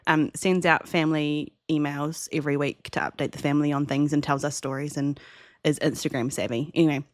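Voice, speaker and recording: A woman's voice: low voice, fairly even intonation, a little fast. A woman co-hosting a café podcast in a casual chat, playful and fond of light jokes. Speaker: podcast co-host.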